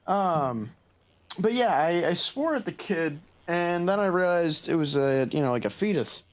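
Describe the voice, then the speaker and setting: Young male podcast co-host, lively pitch, foul-mouthed storyteller. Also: unhurried. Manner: profane, animated storytelling. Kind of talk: casual gaming podcast chat.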